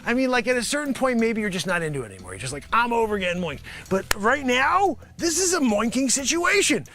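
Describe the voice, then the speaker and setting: Hosting a live improv comedy show, a man rambles his way through a pitchman routine and addresses a panel that isn't really there, sometimes erupting into shouts. He talks fast in a sing-song manner.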